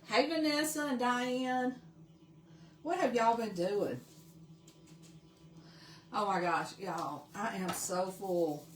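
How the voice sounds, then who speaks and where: A woman's voice: mid-range voice, takes it slowly, long pauses, echoey room, recorded from a distance, a little hiss or hum. Chatty Southern woman hosting a craft livestream. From Tennessee. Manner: chatty, greets viewers by name, laughs often. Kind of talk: casual live craft demo.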